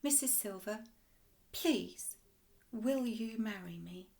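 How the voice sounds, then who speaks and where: A woman voicing a shy, lovestruck elderly man who speaks softly and earnestly. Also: mid-range voice, animated, takes it slowly, vocal fry. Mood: tender.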